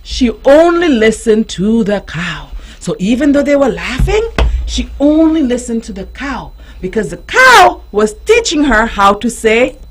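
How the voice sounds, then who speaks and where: A woman reads a children's story aloud in a high, very expressive voice that swoops up and down. She speaks slowly and gently, pausing to quiz a child and playfully voicing animal sounds. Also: breathy edge. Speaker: host reading a picture book to a child. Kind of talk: storybook reading with teaching questions. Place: radio studio.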